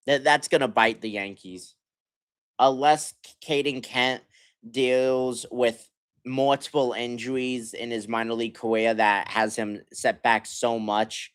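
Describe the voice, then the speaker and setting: A hoarse young man ranting as a sports livestream host, stammering and sighing, swinging between muttered complaints and loud outbursts. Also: mid-range voice, fairly even intonation, measured pace. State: hoarse from yelling. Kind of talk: frustrated fan rant on a livestream.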